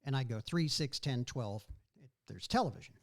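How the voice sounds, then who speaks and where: A man in his sixties, a guest on a podcast, telling stories from his childhood in a casual, animated way. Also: mid-range voice, moderate pace. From New York. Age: 60s. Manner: animated, mimics his mother's voice. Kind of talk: casual storytelling.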